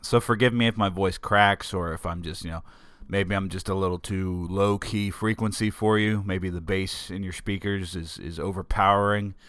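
Feeling under the weather with a sore throat, a podcast host records a casual solo monologue at his home office desk microphone, rambling and making jokes at his own expense. His low voice is steady and fairly bright at a normal pace, and the sound is clean, dry, and studio-like.

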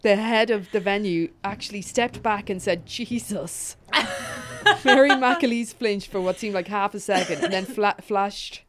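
A woman's voice: medium pitch, moderate pace, few pauses, crowd noise. A woman reading a funny story aloud on a podcast, often laughing, stopping to comment and swearing freely. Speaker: podcast co-host.

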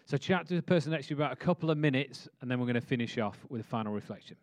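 A man leading a church gathering, giving brisk directions to the congregation. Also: medium pitch, lively intonation, a little mellow. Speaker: service leader.

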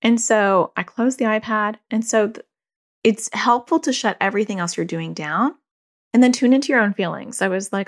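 A woman's voice: mid-range voice, moderate pace. A woman, a parent who hosts a podcast, talking candidly in a loose, conversational way and often saying "like". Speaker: podcast host. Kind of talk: casual reflective parenting talk.

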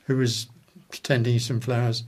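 This man speaks at an ordinary pitch in a relaxed chat. He repeats words as he feels his way into a story. His delivery is unpolished and conversational. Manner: halting, repeats words as he starts. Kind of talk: casual chat.

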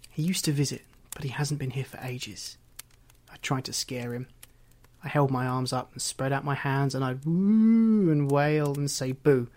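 A man reading as the ghost of a murdered woman, telling her story quietly and wryly. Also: mid-range voice, slight background noise, natural voice. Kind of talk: audiobook reading.

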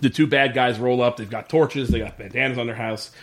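Brisk and steady in tone, this medium-pitched podcast co-host runs through a TV episode recap in a laid-back way. He curses freely, laughs a lot, and performs lines from the scenes.

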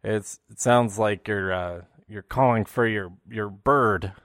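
A man's voice: on the low side, takes it slowly, few pauses, a bit bright, dry recording. Chatty man recapping, dry close sound. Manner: rambling, with frequent fillers and restarts; puts on silly voices for quotes. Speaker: wrestling recap host. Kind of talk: casual show recap.

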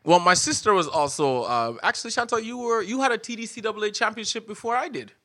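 A young man hosting a podcast, telling stories in a casual chat, animated and laughing as he acts out what people said. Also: high-pitched, fast. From Canada. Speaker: podcast host.

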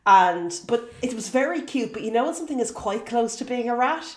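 A woman's voice: fairly high pitch, lively intonation, brisk. A woman co-hosting a podcast, chatting casually and telling travel anecdotes. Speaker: podcast co-host. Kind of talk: casual chat.

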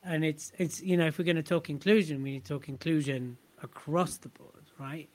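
A man's voice: fairly high pitch, fairly even intonation, fairly quick. A man from England co-hosting a podcast, chatting casually with playful, teasing asides. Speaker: podcast co-host.

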